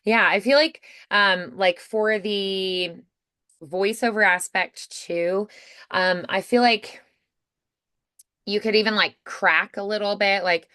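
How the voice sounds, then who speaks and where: A woman's voice: mid-range voice, fairly even intonation, takes it slowly, pushed and bright, clean tone, no echo, clean studio sound. A woman coaching a voice acting student in casual, chatty feedback, full of "like" and "you know", often acting out example lines.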